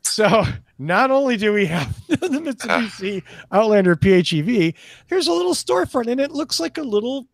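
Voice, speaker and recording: A man's voice: very high voice, sing-song, moderate pace, vocal fry, no echo. A man co-hosting a podcast, chatting casually and joking, with hesitant restarts. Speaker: podcast co-host. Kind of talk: casual chat.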